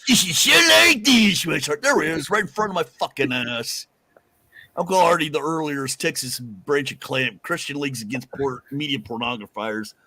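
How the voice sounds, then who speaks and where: A man's voice: mid-range voice, normal speed, bright, forceful tone, no room sound. A man hosting a podcast in casual, rambling chat, swearing freely. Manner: rambling, profane, loose. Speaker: podcast host.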